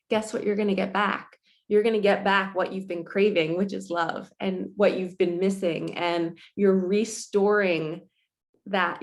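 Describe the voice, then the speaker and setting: A woman giving a casual spiritual morning talk as a coach, chatty and earnest, laughing often and swearing casually. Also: mid-range voice.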